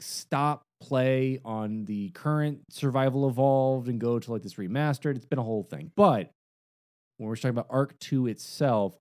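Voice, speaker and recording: A man co-hosting a podcast, joking in a halting way about upcoming video games. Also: medium pitch, mellow. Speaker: podcast co-host.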